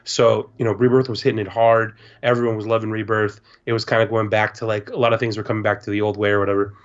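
A man's voice: fairly low pitch, quick pace. A man co-hosting a podcast, telling stories in a loose, rambling casual chat and swearing now and then. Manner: rambling storyteller, swears, does animated voices for others. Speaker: podcast co-host. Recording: slightly dull lo-fi sound.

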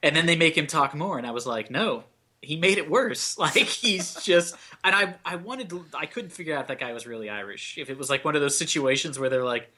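A man's voice: on the high side, expressive, fairly quick, few pauses, pushed and bright. A man co-hosting a casual movie podcast, riffing sarcastically and swearing freely. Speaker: podcast co-host.

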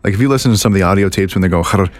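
A man with a lowish voice chats on a podcast, acting out little scenes and imitating other people's voices as he goes. He laughs often and hops between asides. The sound is dry and close, with no room echo. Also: very fast. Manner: animated storyteller, mimics voices and laughs often. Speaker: podcast co-host. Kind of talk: casual chat.

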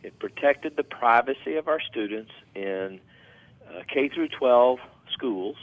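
A man's voice: medium pitch, animated, slow pace. A man calling in as a policy advocate, speaking hesitantly with many fillers and restarts. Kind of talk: phone interview. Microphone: telephone. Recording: tinny phone line.

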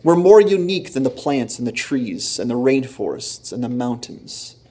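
A man preaching a sermon in a lively, animated way, often acting out the voices in the story he tells. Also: mid-range voice, moderate pace, a little hiss or hum. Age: young adult or middle-aged, father of children. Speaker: pastor.

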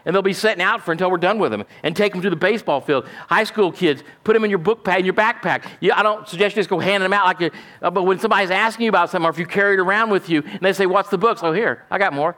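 A man's voice: high-pitched, rapid-fire, hardly any pauses, pushed and bright. A male pastor, preaching a folksy, emphatic sermon and asking "amen?" often.

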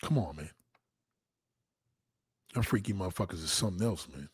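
A man hosts a casual streamed chat, rambling crudely in street slang. His voice is husky, and his pitch swings up and down a lot. The sound is dry and close, with no room echo. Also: animated, normal speed. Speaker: host.

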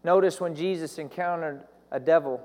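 A man's voice: a little high, normal speed, a little mellow, big-room sound. A man preaching a sermon, building to emphatic repeated declarations.

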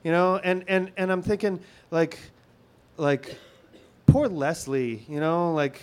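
A middle-aged man telling a comic personal story, halting and full of restarts, swinging between hushed and excited. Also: high-pitched, smooth.

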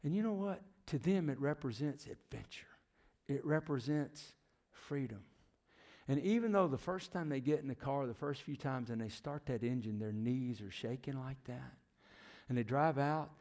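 A man's voice: medium pitch, lively intonation, normal speed, darkish tone. A middle-aged man preaching a sermon. He questions the congregation and often drops to a near whisper. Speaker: preacher, former youth minister and missionary.

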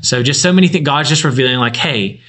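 A man's voice: medium pitch, fast talker, a bit bright, slight background noise, rough recording. A young man in his twenties sharing a personal story in a casual group chat, rambling with many fillers. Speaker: group member.

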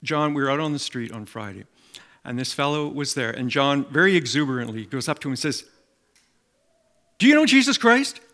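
A middle-aged man preaching a sermon, telling stories and making emphatic, animated appeals to the congregation. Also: medium pitch, fast talker. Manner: animated storytelling with acted quotes and emphatic appeals.

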